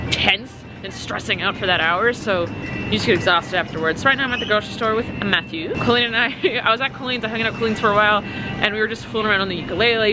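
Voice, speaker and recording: A woman's voice: medium pitch, poor audio. A young woman vlogging casually to a handheld camera, chatty and playful, rambling through asides. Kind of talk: casual vlog chat to camera. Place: home, car and grocery store.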